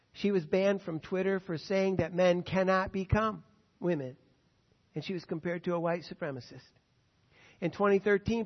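A man preaching a sermon with an emphatic, indignant delivery. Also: sits high. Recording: echoey hall, dull sound.

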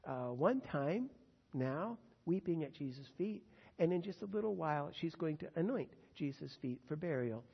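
Husky-voiced preacher in an echoing hall. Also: mid-range voice, expressive, moderate pace, dull audio. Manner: conversational, earnest, with fillers. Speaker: pastor. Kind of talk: verse-by-verse Bible teaching sermon.

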